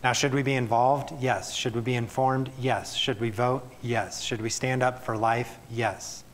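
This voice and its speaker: There's slight background noise as a male pastor, medium-pitched and unhurried with fairly even intonation, preaches to his church. He reads a scripture passage and then addresses the congregation in an earnest, plain way.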